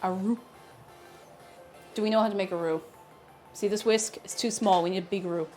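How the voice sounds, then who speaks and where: A woman's voice: mid-range voice, steady tone, moderate pace, darkish tone, faint music behind. A woman cooking on a live stream, chatting playfully with her viewers as she works. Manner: chatty, playful, talks to chat while cooking. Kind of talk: casual cooking stream chat.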